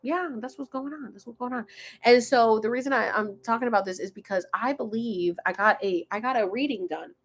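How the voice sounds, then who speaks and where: A woman's voice: a little high, a little fast. A woman hosting a casual spiritual livestream, chatting and rambling, often losing her thread.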